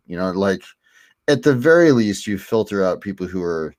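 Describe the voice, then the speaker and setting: A man's voice: sits low, animated, moderate pace, no room sound, studio quality. A middle-aged man hosting a casual talk, candid and rambling, with lots of fillers and restarts. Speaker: host. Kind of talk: casual livestream chat.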